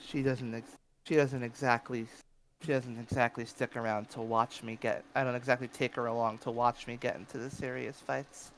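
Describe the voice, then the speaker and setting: A weary woman brawler who would rather settle things with her fists, as a man plays her at the gaming table. She speaks bluntly and sighs often, in a middling pitch over faint background noise. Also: flat delivery, moderate pace, fairly bright tone, close to an everyday voice, poor audio. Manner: sighing, low-key and blunt.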